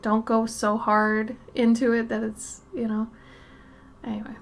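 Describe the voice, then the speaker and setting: A woman chatting casually as she draws on a live stream, thinking aloud, answering chat and sometimes dropping to a soft murmur. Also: fairly high pitch, monotone, measured pace, vocal fry. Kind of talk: casual chat while drawing.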